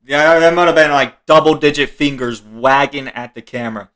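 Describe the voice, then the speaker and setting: A man riffs through a comedic reaction commentary on online videos. His voice is bright and forward, and he jokes, laughs and swears casually as he tries to explain what is going on. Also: fairly high pitch, normal speed.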